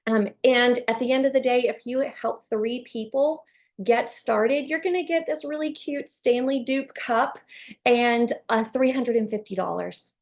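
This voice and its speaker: A woman giving an enthusiastic, chatty sales pitch to viewers on a video call, often saying "you guys" and "um". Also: a little slow. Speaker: presenter of an online business call.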